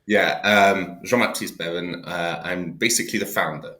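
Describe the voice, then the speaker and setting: A man's voice: sits low, moderate pace, bright, forceful tone. A man, a magazine's founder, speaking as a guest with enthusiastic, encouraging remarks. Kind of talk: casual podcast conversation.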